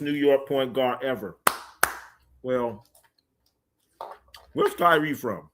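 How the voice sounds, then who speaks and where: Male sports livestream host, casual and joking, reacting loudly to chat; mid-range voice. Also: mid-range voice, unhurried, pauses often. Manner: loose, joking, animated bursts. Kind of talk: casual chat reading live comments.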